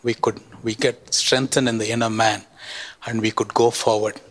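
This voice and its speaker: A man's voice: fairly low pitch, little pitch movement, moderate pace, fairly bright tone, long reverb tail. A man preaching a sermon, teaching with repeated points and frequent checks of "right?".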